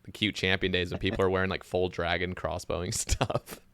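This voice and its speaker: A man's voice: sits low, little pitch movement, fairly quick, a bit bright, clean tone, dry recording. A man hosting a podcast, easygoing and agreeable, telling casual stories. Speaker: podcast host.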